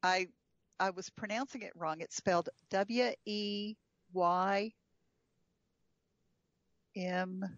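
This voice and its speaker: A woman's voice: medium pitch, steady tone, slow pace, long pauses, dry recording, dull audio. A woman guest telling a travel story in casual chat, chatty with frequent fillers and laughs. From United States.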